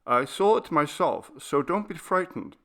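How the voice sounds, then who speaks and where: A man reading aloud voices a slender, polite man with a vague foreign accent who speaks gently and reassuringly. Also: on the high side, animated, a little slow, pitched above the performer's own voice.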